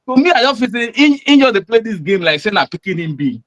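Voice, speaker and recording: A man's voice: sits high, big pitch swings, fast talker, a bit bright, no room sound, lo-fi sound. A man with a Nigerian accent calling in to a show, rambling and leaning heavily on fillers. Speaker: caller. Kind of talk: casual call-in commentary.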